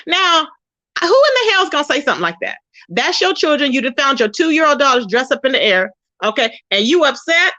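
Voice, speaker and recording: Big pitch swings mark this woman's high, bright, forceful voice as she talks briskly. Hosting a casual gossip livestream on YouTube, she's emphatic and sassy, often mimicking others loudly, and the recording sounds dull and lo-fi.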